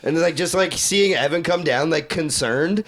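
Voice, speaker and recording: A man's voice: fairly high pitch, moderate pace, fairly bright tone. A young man, co-hosting a podcast and telling a long story in casual chat, rambling, swearing a lot and laughing. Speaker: podcast co-host.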